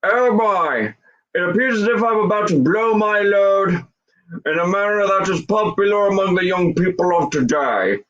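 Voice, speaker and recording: A man putting on the voice of a suave old-school horror film director, speaking in a slow, ominous, formal drawl, with dull lo-fi sound. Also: high voice, animated, fairly bright tone, distant mic.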